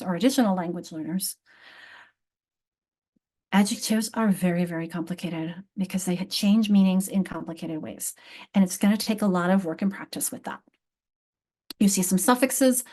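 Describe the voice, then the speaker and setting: A woman runs a literacy training for teachers, thinking aloud as she goes. Her voice sits in a middle register, and she often stops and restarts a phrase. She closes her points with little tag questions. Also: medium pitch. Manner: animated, many restarts and fillers. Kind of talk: live teacher training lecture.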